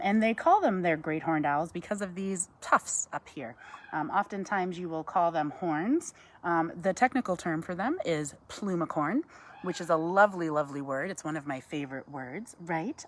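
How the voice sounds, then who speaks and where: A woman, giving a chatty live-stream talk outdoors, greeting viewers by name and cooing softly to an owl. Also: lowish voice, lively intonation, normal speed. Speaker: wildlife educator.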